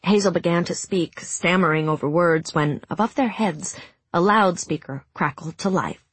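Breathy woman reading a story. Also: fairly low pitch, moderate pace, no echo. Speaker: audiobook narrator. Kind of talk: scripted narration.

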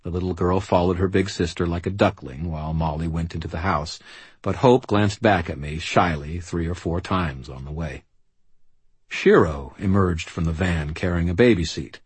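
A man's voice: sits low, moderate pace, breathy edge, no echo. A man giving dry, wry first-person narration for an audiobook.

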